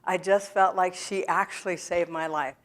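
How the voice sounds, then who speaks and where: A woman gives a personal testimony to a church audience, her voice sitting on the low side. She talks haltingly, with fillers and restarts, and turns to the listeners directly. It sounds like a church sanctuary. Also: fairly even intonation. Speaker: guest speaker at a recovery event.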